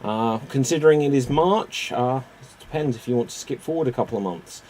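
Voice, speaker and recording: A man's voice: medium pitch, brisk, a little mellow, a little hiss or hum. A man hosting a live improv comedy stream, handing out characters and calling for audience votes, with a loose manner and frequent laughs. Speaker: improv show host.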